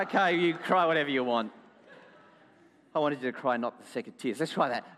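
A man, a pastor, telling a children's story and preaching in a church with animated delivery. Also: mid-range voice, a little fast. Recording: echoey hall.

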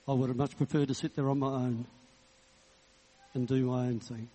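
A man's voice: mid-range voice, little pitch movement, normal speed, long pauses, dark tone. A man in his sixties, a Baptist minister, delivers a sermon in a humorous, conversational storytelling manner and closes in prayer. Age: 60s. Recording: reverberant hall.

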